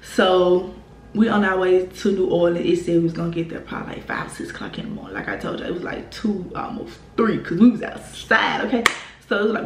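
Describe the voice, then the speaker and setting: A woman's voice: medium pitch, normal speed, roomy sound, a little hiss or hum. Young woman, cursing storytime. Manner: animated, profane, rambling with many fillers. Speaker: vlogger telling a story. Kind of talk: casual storytime.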